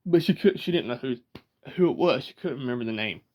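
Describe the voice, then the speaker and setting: A man's voice: mid-range voice, expressive, fast, a little mellow. A man from Georgia with a Southern accent, talking casually to the camera and chatting about regional accents with rambling asides and laughs. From Georgia, USA.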